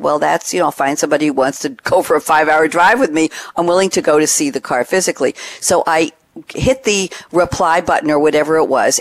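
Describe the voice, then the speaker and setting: A woman host chatting animatedly, telling a story and acting out the dialogue with big swings in her voice. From New York. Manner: expressive, acts out dialogue with big pitch swings.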